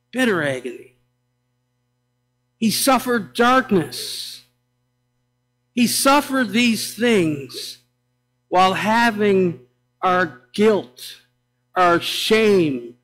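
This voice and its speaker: A pastor preaching a sermon in a church, with dramatic pauses and emphatic declarations that swing between loud proclaiming and hushed, low delivery. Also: male voice, a little hiss or hum, low-quality recording. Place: church sanctuary.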